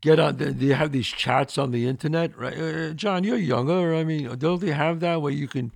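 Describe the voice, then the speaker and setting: Middle-aged New host, gravelly voice, casual storyteller who acts out the voices. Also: male voice, a little high, moderate pace. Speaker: podcast host. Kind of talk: casual storytelling and answering listener questions.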